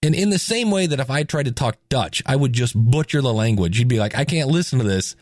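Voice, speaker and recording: A man's voice: medium pitch, brisk, no room sound, clean studio sound. A man hosting a podcast, talking casually and animatedly with jokes and asides. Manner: animated, chatty, joking. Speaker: podcast host.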